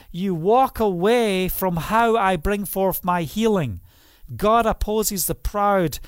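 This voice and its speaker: An earnest man preaching a livestream sermon, his voice sitting a little high. He pleads with the listener and fills his talk with "you know". The room is dry and close. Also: no echo. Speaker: pastor.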